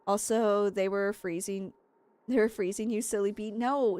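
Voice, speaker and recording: A young woman streaming a game, frantic and excitable, laughing at her own stress. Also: medium pitch, a little slow, soft background music. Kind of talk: gameplay commentary.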